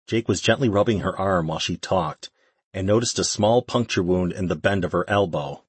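A man reads the narration of an audiobook in a steady, even manner. His voice is very deep and husky. The recording is close and dry, with no room sound. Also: normal speed, no echo. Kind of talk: scripted narration.

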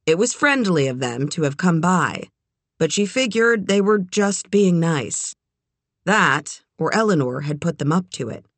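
A woman narrating a novel in a measured, expressive way. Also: low-pitched, no echo. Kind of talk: audiobook narration.

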